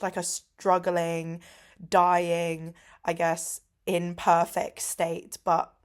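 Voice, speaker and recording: A young woman in casual vlog chat, rambling with lots of "like", lying in bed in pain. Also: lowish voice. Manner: rambling, heavy use of "like". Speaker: vlogger.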